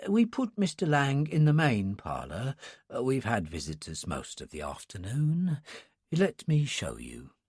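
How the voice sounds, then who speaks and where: An older man voicing an elderly white-haired undertaker's attendant who talks slowly, quietly and deferentially. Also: medium pitch, wildly swooping pitch, slightly rough, no room sound, studio quality, heavily acted. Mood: hushed. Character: old white-haired male undertaker's attendant, drowsy and courteous.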